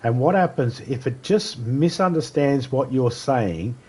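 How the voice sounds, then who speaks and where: A man's voice: mid-range voice, lively intonation, a little slow, a little mellow, husky. A man streaming a video game live, chatting casually with slightly slurred speech, rambling through stories and laughing often. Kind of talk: casual chat while gaming live.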